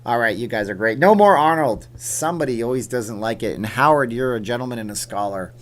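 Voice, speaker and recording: A man's voice: medium pitch, animated, a little fast. A man hosting a casual livestream, reading out viewer names and chatting loosely with a joking tone. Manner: chatty, reads viewer names aloud, jokey. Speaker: livestream host.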